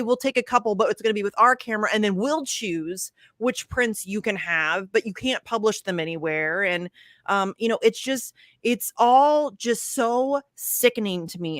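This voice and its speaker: Woman co-host, middle-pitched, dry close sound, angry and tearful, cursing freely. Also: fairly bright tone, no echo. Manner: indignant, fighting tears, swears openly. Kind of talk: emotional political commentary.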